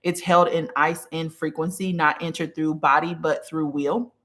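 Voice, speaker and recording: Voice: medium pitch, fairly even intonation, normal speed, a bit bright. A spiritual teacher hosting a live stream, teaching casually from notes, often asking "okay?" and greeting viewers along the way. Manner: greets viewers mid-lesson. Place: small room with incense and a candle burning.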